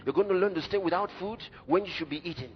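A man's voice: high voice, fast talker. A man preaching a sermon in an emphatic, dramatic way. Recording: dull echoey hall recording with faint music.

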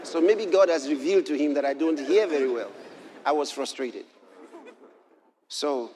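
A man preaching a sermon, telling a personal story with animated delivery that moves between hushed passages and shouted exclamations. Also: a little high, moderate pace, pauses often, a little hiss or hum.

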